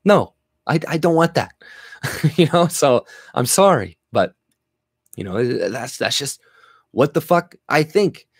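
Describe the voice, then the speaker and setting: A man's voice: on the high side, expressive, takes it slowly, long pauses, slightly rough, dry recording, studio quality. A man ranting on a livestream, blunt and profane, stumbling through restarts and fillers. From Canada. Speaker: livestream commentator.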